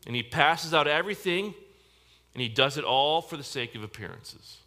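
A male pastor delivers a sermon in a church service with a bright, forceful tone. He speaks emphatically and directly, stressing his points. He keeps turning to the congregation with questions. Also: a little high, lively intonation, moderate pace.

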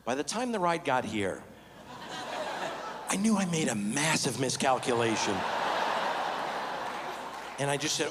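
A man doing stand-up comedy as an animated, self-mocking storyteller on a large theater stage. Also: mid-range voice, a little slow, pauses often. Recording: reverberant stage recording with background noise.

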